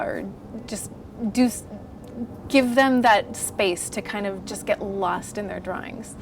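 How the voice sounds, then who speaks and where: A woman's voice: medium pitch, slow pace. A woman in her thirties talks casually about her work as an illustrator. She tells her stories with energy and slips into other people's voices when she quotes them. A faint background hiss sits under her voice. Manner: animated storyteller, acts out quoted voices. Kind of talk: casual interview talk.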